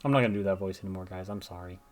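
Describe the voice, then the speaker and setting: A man's voice: low-pitched, level tone, very fast, soft background music. A man giving chatty gameplay commentary, thinking aloud as he plays. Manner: chatty, thinks aloud, reads game dialogue. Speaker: gamer.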